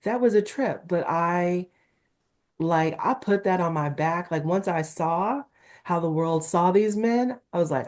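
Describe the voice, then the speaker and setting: A woman's voice: lowish voice, measured pace, darkish tone. A middle-aged woman from Newark, a talent agent, talking candidly in an interview with a Valley-girl-like, emphatic delivery. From Newark, New Jersey, USA.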